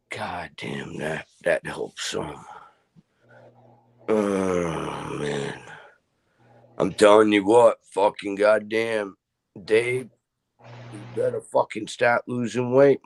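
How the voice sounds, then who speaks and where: A middle-aged man in casual chat, telling rambling stories full of swearing. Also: fairly low pitch. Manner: profane, rambling storyteller.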